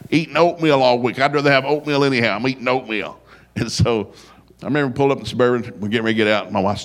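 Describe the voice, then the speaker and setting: Older man, folksy humorous storyteller, animated, mid-range voice. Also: fast talker. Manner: folksy, animated, gets loud and high when quoting himself.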